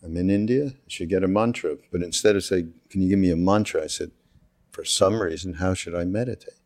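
An older man from Canada telling stories in casual conversation, acting out the quotes and laughing often. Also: sits low. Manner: animated storyteller who acts out quotes, laughs often.

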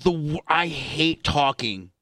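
A man's voice: on the high side, expressive, takes it slowly, sharp tone, dry recording, clean studio sound. Profane rambling radio host man. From Indiana. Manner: profane, rambling, self-deprecating. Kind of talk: casual storytelling chat.

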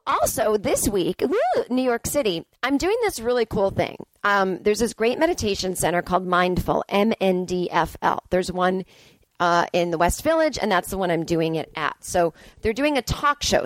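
A middle-aged woman comedian talking alone into a podcast mic, cranky and profane as she rambles. Her voice sits at an ordinary pitch for a woman. The sound is dry and close, with almost no room echo. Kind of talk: casual solo podcast monologue. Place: indoors.

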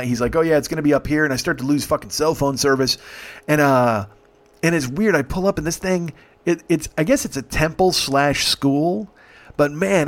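Rambling, profane storytelling man. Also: fairly high pitch. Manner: rambling, profane, acts out dialogue. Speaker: podcast host, rideshare driver. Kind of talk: casual comic storytelling.

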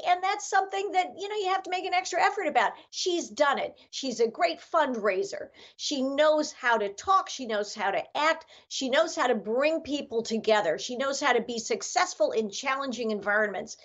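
A high-pitched woman from upstate New York talks as an interview guest. She is measured and full of praise, with a few filler pauses. Her remote line sounds dull and lo-fi. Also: a bit bright. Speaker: guest, former congresswoman. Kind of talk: political interview.

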